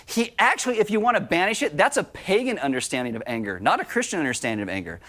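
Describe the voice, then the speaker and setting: A man's voice: on the high side, sing-song, quick pace, hardly any pauses, fairly bright tone. A man preaching a sermon in a conversational style, breaking into acted-out asides. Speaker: pastor.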